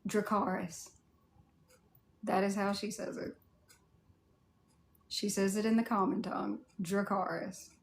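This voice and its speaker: A Southern US woman rambles through a relaxed livestream chat, answering her viewers one comment at a time with a steady stream of "like" fillers. Her voice has a gravelly fry to it. The sound carries a roomy echo. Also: medium pitch, normal speed, pauses often.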